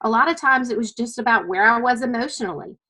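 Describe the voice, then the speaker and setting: A woman's voice: a little high, quick pace, bright, forceful tone, poor audio. A middle-aged woman with a Southern US accent, giving an earnest, emotional personal testimony about her weight-loss journey. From American South. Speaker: weight-loss client sharing her story.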